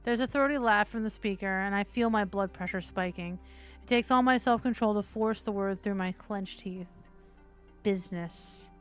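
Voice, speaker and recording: A woman streamer narrates a visual novel steadily, pausing between passages for casual asides that include swearing. Her voice is smooth and medium-pitched at a moderate pace, over faint background music.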